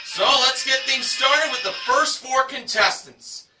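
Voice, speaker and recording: Man, game show recap host, showy announcer delivery, slow pace, roomy echo. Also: extremely high pitch, far from the mic, music in the background. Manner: showy announcer delivery, drawn-out shouted prices. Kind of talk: enthusiastic scripted recap narration.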